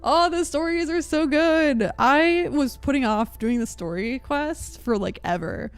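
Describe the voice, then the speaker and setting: A woman's voice: high voice, a little slow, no echo. A woman streamer chatting casually over gameplay, giggly and rambling with lots of fillers. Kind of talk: casual live-stream chat.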